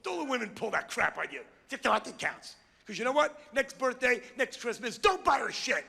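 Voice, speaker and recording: A man's voice: extremely high pitch, sing-song, fairly quick, vocal fry, bright, forceful tone, breathy edge. A brash, crude male stand-up comedian doing a routine with crowd work on a comedy club stage. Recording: long hall reverb.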